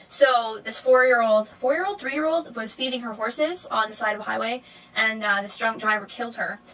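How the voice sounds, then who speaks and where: Young woman vlogger, bright, fairly high voice, rambling casual chat full of ums and restarts, animated with sudden high squeals. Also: moderate pace, poor audio. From Canada. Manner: rambling, lots of fillers and self-corrections. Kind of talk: casual chatty vlog monologue.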